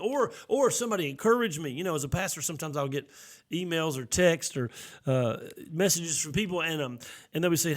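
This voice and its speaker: A man's voice: fairly high pitch, expressive, a little fast, fairly bright tone. A middle-aged man, a pastor, preaching a live-streamed sermon in a conversational way, often repeating and restarting phrases as he speaks to viewers online.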